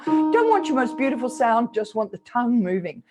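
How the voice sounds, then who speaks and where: A middle-aged woman leading a vocal warm-up lesson, coaxing and demonstrative. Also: on the high side, sing-song, moderate pace, over music. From Australia. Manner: demonstrative, coaxing, with sung exercise syllables. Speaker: voice coach.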